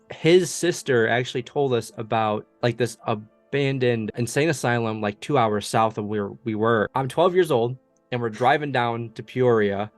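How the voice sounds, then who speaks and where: A man in his twenties from the US, leading a paranormal investigation group and casually telling stories in an interview, relaxed and rambling with many fillers. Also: mid-range voice, no room sound. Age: 20s.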